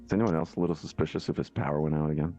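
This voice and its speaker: A man's voice: very deep voice, fairly even intonation, racing, mellow, soft background music. A man hosting a livestream, chatting casually and laid-back, acting out quotes and swearing freely. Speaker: livestream host, trader. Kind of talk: casual group chat. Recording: muffled stream audio.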